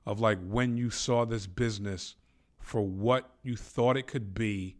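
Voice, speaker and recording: A man's voice: lowish voice, fairly even intonation, a little slow. A man interviewing a guest in an easygoing, enthusiastic way, full of praise. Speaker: interviewer, sales trainer. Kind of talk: casual interview conversation.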